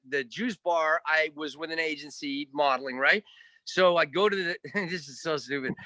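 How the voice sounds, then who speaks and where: Animated man telling a rambling story. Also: fairly high pitch, no echo. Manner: animated, rambling, swears, acts out quotes. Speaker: guest actor. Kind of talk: casual storytelling interview.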